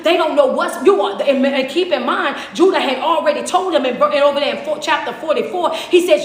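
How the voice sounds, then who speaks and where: A woman's voice: high-pitched, reverberant. A woman preaching a Bible story in casual, colloquial speech, dramatic and repetitive, with emphatic callbacks to her listeners. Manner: colloquial Southern US English. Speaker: motivational speaker. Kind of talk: sermon-style preaching.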